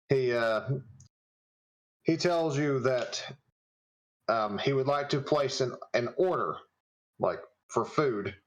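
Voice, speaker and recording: A man serves as game master, narrating the scene with plenty of ums and uhs and chuckling as he goes. His voice sits in a middle pitch range, relaxed and unpolished. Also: slow, long pauses, rough recording. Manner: loose, chuckling, lots of fillers.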